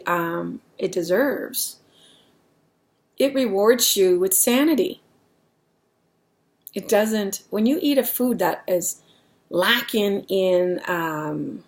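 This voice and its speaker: A woman's voice: medium pitch, a little mellow. A middle-aged woman talking candidly in a casual vlog at home, rambling and restarting her sentences as she goes. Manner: rambling, candid, self-interrupting. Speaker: vlogger.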